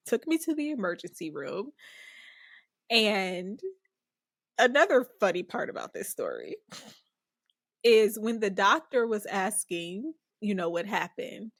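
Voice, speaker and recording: A woman hosting a podcast, telling a personal story in a casual, unhurried way and chuckling often between phrases. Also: medium pitch, fairly bright tone, no echo, clean studio sound. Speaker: podcast host.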